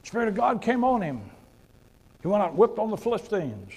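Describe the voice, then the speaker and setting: A man preaching a sermon to a congregation, conversational and emphatic, with sudden loud punches. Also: sits high, big pitch swings, brisk, breathy edge, low-quality recording. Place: church before a congregation.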